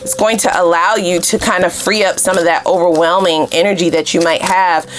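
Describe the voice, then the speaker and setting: A woman giving a tarot reading in a casual, chatty, profane way, often jumping up into loud high exclamations. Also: steady tone, a little fast, a little hiss or hum. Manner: chatty, blunt and profane, with frequent "you know what I'm saying". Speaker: tarot card reader.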